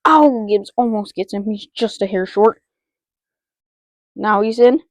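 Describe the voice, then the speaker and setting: A woman giving excitable live commentary on her own football video game, repeating player names and talking to herself as she plays. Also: medium pitch, measured pace, no room sound. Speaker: gaming channel host.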